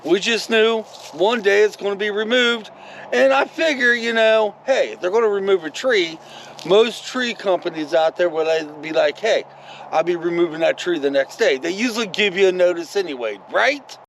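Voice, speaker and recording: A man's voice: high voice, moderate pace, a bit bright, a little hiss or hum, rough recording. A man vlogging casually, telling a rambling story with many asides to his viewers.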